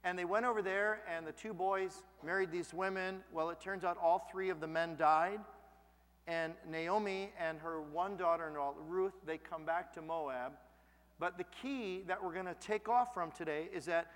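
A man preaching a sermon as a pastor, telling stories in a lively, expressive way. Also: high voice, measured pace, big-room sound. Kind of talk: sermon with personal storytelling.

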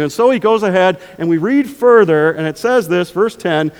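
A pastor preaching a sermon in a lively, conversational way, asking the congregation rhetorical questions. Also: male voice, sits high, a little fast, few pauses, in a large hall.

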